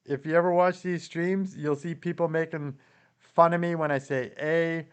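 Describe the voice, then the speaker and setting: On a laid-back live stream, a Canadian man reads viewers' comments aloud and replies to each, chuckling frequently. His voice is slightly higher than the typical man's, his speed is normal, and his tone is clean.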